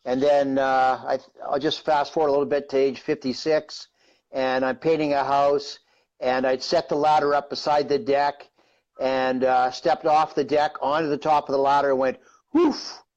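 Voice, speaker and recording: Here a man in his fifties from Canada rambles conversationally through a long personal story as an interview guest on a live stream, often saying "you know" and "right?". His mid-range voice is darkish and level-toned, at a normal speed, and the sound quality is lo-fi.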